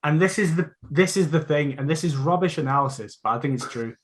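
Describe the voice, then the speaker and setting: A Scottish man talks football on a podcast in a slightly raised voice. He swears freely and gives blunt, lively opinions. The talk is casual and fast to react. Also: fairly high pitch. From Scotland. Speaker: podcast co-host.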